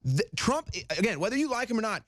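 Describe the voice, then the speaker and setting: High, lively male co-host with a mocking edge, dry close sound. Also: fast talker, no echo. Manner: animated, mocking impressions of others. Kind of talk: heated political talk show.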